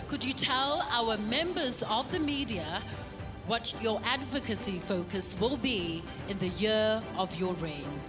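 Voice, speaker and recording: A woman's voice: a little high, animated, measured pace. A woman hosting a pageant stage event, upbeat and projecting. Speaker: pageant host. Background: music.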